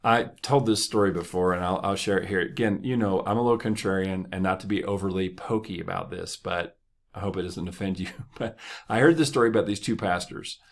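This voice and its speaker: A man's voice: low voice, fairly quick. A man hosting a motivational podcast, talking casually and joking as he tells stories. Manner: conversational, joking, laughs often. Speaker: podcast host.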